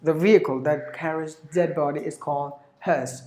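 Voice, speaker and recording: A woman's voice: sits low, steady tone, moderate pace, dark tone, echoey room. A woman teaching pronunciation, repeating each word several times with many fillers. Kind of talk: online pronunciation lesson.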